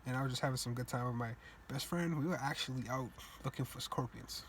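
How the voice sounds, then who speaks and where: A man's voice: medium pitch, quick pace, slight background noise. Young man telling his own story. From Cape Verde. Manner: reflective, earnest, loose casual grammar. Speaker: student speaker. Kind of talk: personal storytelling speech.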